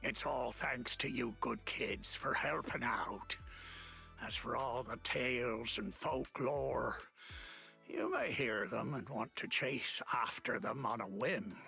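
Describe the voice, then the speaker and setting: An actor playing a weary old male sea captain and grandfather, talking in a rueful, gravelly game voice. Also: mid-range voice, animated, slow, sharp tone, faint music behind, exaggerated voice. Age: older. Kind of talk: video game voice acting.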